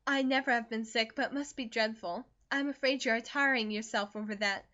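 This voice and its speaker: A woman reads as an earnest young country girl, practical and sure of herself. She answers with gentle teasing on a high, bright voice. The sound is slightly muffled. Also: fairly even intonation, a little fast.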